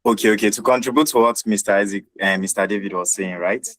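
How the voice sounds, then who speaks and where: Deep-voiced man explaining tech. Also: quick pace, a bit bright, rough recording. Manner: earnest, repeats phrases and checks with listeners. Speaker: workshop presenter. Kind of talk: explaining software in an online workshop. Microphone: video call.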